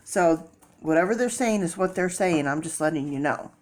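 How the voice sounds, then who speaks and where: A middle-aged woman with a fairly low voice talks through a tarot reading. She rambles in a loose, chatty way, full of ums and restarts. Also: lively intonation, normal speed, a little mellow. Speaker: tarot reader.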